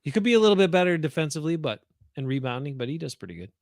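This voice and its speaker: A man talks sports in a blunt, rambling, opinionated way. His voice sits a bit high for a man. The sound is dry and close, with no room around it. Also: big pitch swings, racing, dry recording. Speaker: podcast co-host. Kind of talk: casual sports chat.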